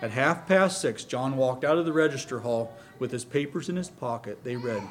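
A man preaching, reading a story aloud to a congregation in a calm, steady way. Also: mid-range voice, normal speed, few pauses, a little hiss or hum.

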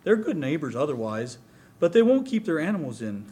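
A man's voice: a little high, sing-song, a little fast, mellow. A man voicing a patient middle-aged farmer who talks earnestly about his troubles. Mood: troubled.

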